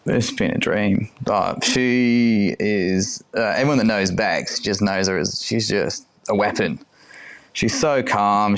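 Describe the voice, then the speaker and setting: A man's voice: lowish voice, a bit bright. A man in his thirties, a chef who is a guest on a podcast, talking casually, swearing easily and acting out what others said. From United Kingdom. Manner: chatty, swears casually, acts out quoted speech. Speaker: chef and restaurant owner, guest. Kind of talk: casual interview chat.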